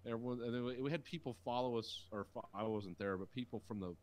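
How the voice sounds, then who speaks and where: A man in his thirties co-hosts a podcast, his voice fast and darkish. He tells stories in crude, casual chat, swears freely, laughs often, and keeps slipping into mocking, high-voiced impressions of other people.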